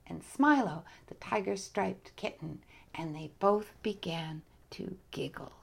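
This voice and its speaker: A woman narrating a children's story, softly and often in a whisper. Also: medium pitch, vocal fry. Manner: soft, often whispered, slow and animated.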